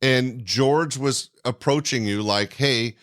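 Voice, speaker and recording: Low-voiced male podcast host. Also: normal speed, fairly bright tone. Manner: earnest, explains points at length for the audience. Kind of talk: interview podcast.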